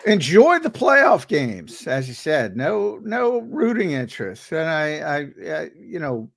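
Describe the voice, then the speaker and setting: An American man sits in as co-host analyst and talks shop with real emphasis. His voice has a gravelly edge and swings widely up and down. He stumbles over restarts as he pushes his advice. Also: a little high, unhurried. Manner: animated, emphatic, gives advice with repeated restarts. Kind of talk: sports analysis chat.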